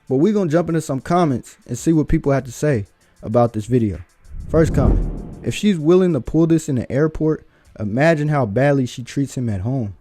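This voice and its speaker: A man's voice: on the high side, warm tone, dry recording. Blunt, lecturing male commentator. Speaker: reaction video host. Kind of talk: opinionated commentary.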